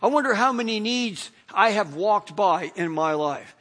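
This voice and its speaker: A man's voice: sits high, expressive, moderate pace, fairly bright tone. A middle-aged man, a pastor, preaching a conversational sermon full of stories and fillers. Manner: conversational, storytelling, many fillers.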